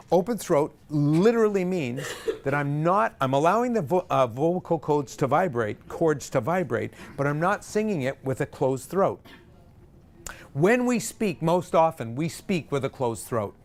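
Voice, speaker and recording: A middle-aged man directing a choir, coaching vowels and pitch and singing example notes himself, with jokey asides. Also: lively intonation, moderate pace. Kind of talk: vocal warm-up lesson. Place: rehearsal room with a choir.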